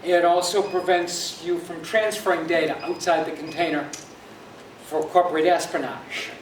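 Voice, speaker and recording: A man telling an animated, sarcastic story at a user group meeting in an office room. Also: on the high side, normal speed. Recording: distant echoey room, background hum.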